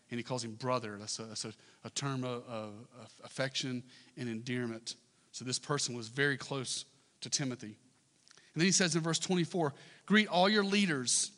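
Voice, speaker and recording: A man's voice: mid-range voice, a bit bright. A male pastor preaching a sermon in a church. He talks in a conversational way and builds to emphatic repeated questions. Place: church sanctuary. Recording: long hall reverb.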